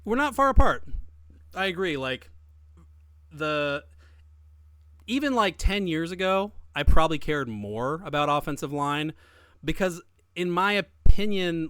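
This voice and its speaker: A man co-hosting a podcast in casual chat, talking emphatically with lively swings in his voice. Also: clean tone, no room sound, studio quality. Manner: emphatic, animated, with big swings in pitch. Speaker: podcast co-host.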